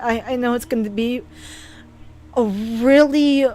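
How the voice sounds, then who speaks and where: There's slight background noise as a young woman, a streamer and animator, chats at a moderate pace about her dreams on a live stream. Her fairly high, slightly mellow voice is earnest and casual, and she often stumbles, restarts sentences and gets teary and emotional.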